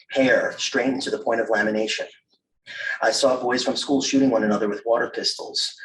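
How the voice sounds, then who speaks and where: A man reads his own memoir prose to an audience in a measured, wry manner, now and then slipping into self-amused asides. He sits some way back from the mic. The room carries a roomy echo and a faint background hum. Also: mid-range voice. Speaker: author reading his memoir. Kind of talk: live literary reading of memoir prose. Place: reading event room. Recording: roomy, distant mic at a live reading.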